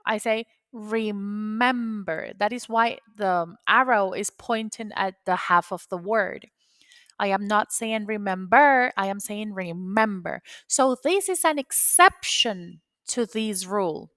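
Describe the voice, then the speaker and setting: A woman's voice: mid-range voice, expressive, unhurried, pushed and bright, dry recording. A woman whose first language is Spanish, patiently explaining an English grammar rule step by step, repeating key points. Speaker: English teacher. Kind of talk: grammar lesson.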